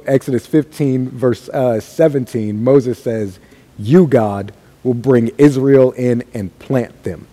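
A man preaching a sermon with a dark, mellow voice that has a husky edge. He talks in an emphatic way and builds up to raised calls. A long reverb trails behind him in a big church hall. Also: medium pitch.

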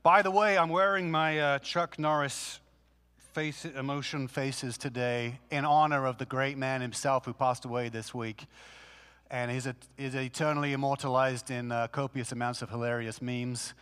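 A man preaching a sermon in a conversational, animated way, full of rhetorical questions. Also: mid-range voice, moderate pace, clear, resonant tone, in a large hall. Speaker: pastor.

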